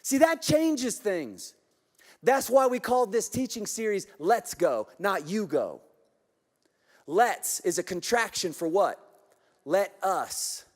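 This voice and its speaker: A passionate man preaches to a large church crowd, his voice pitched notably high. He leads the room in repeated call-and-response lines. Long reverb from the big auditorium trails each phrase. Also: big pitch swings, slow pace, a little mellow. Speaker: pastor. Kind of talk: sermon. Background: congregation in the room.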